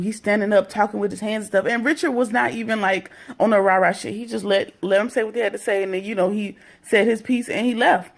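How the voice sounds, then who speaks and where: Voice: medium pitch, steady tone, fast, gravelly, hardly any pauses. A reality TV reviewer giving a casual, slangy recap, retelling scenes in mock quotes with plenty of profanity.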